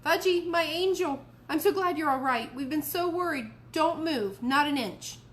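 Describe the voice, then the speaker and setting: A woman playing a worried but firm mother in a children's storybook. She speaks softly yet leaves no room for argument. A faint hiss sits behind her. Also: high voice, normal speed, voice pushed up, close to an everyday voice. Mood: relieved.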